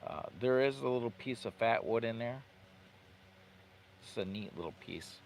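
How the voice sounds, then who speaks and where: A man's voice: mid-range voice, animated, normal speed, creaky, a little mellow, a little hiss or hum. A man chatting casually on a livestream from inside his parked car camper, rambling and laughing at himself as he goes through his gear. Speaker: vlogger.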